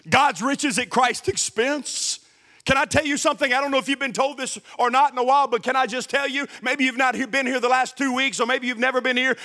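A man giving a sermon as a guest pastor in a church, swinging from shouted emphasis to low, quiet asides. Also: in a large hall. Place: church service.

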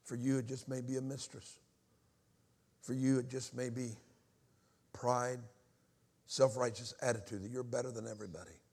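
Preacher guy, middle aged, gravelly voice, goes from quiet to shouting while he tells his testimony. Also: mid-range voice, fairly even intonation, moderate pace, pauses often. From Alabama. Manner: impassioned, swings from hushed to shouting. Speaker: evangelist. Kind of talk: testimony sermon.

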